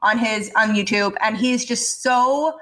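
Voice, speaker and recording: A young woman co-hosting a casual podcast chat, animated, laughing often and swearing freely. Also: fairly high pitch, a little slow, low-quality recording. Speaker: podcast co-host.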